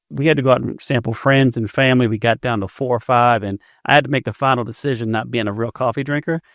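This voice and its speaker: Fast-talking man in his fifties. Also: medium pitch, gravelly, dry recording, clean studio sound. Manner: fast, repeats words when starting sentences. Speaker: entrepreneur guest. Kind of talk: casual interview storytelling.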